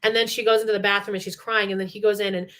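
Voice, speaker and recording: A woman's voice: medium pitch, rapid-fire. Woman podcast cohost spilling gossip, acts out what people said, casual. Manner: animated retelling, acting out quotes. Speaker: podcast co-host.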